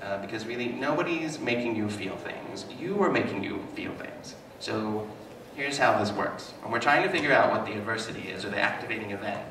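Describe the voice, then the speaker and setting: A man giving a live talk as a psychotherapist, telling stories with animated, self-mocking humor to an audience. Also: fairly low pitch, fairly quick, few pauses. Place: hall with an audience. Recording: echoey hall, mic at a distance, noisy.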